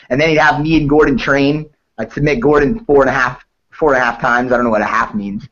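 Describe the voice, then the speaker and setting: A man's voice: medium pitch, fairly even intonation, fast, a bit bright, highs cut off. A man, a jiu-jitsu instructor, chatting casually on a podcast and telling stories with frequent laughter. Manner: laughing, rambling storyteller.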